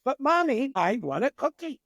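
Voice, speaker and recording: A man's voice: extremely high pitch, big pitch swings, moderate pace, gravelly, a bit bright, no echo, clean studio sound, pitched above the performer's own voice, heavily acted. A man voicing a six-year-old boy who keeps begging his mother for a cookie. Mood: whiny. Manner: pleading, insistent.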